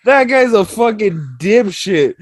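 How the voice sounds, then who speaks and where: A man co-hosting a casual podcast chat, swearing freely and telling stories with blunt force. His voice sits a little high for a man and sounds close and dry, with no room around it. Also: slow, no room sound. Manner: profane, blunt, animated storyteller. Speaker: podcast co-host.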